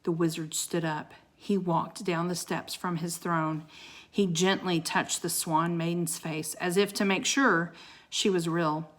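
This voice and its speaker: A woman reading a children's chapter book aloud, dramatic and expressive. Her voice sits on the lower side and she reads very slowly, letting each line land. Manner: dramatic, pausing to show pictures. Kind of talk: expressive read-aloud storytelling.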